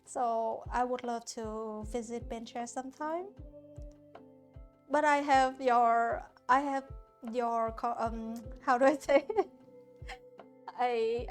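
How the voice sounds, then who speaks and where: A woman from Hanoi whose first language is Vietnamese, chatting casually with her viewers while painting on stream, often restarting and searching for words. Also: a little high. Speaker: art streamer. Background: soft lo-fi music.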